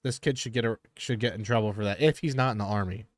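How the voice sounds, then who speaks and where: A man's voice: lowish voice, quick pace, no echo, studio quality. A man streaming a reaction to a TV episode, joking and riffing casually as he talks to his chat.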